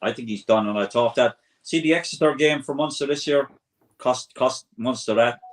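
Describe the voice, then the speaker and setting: A man's voice: mid-range voice, moderate pace. Brief: male panelist, blunt, emphatic, plain-spoken. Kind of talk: casual podcast chat.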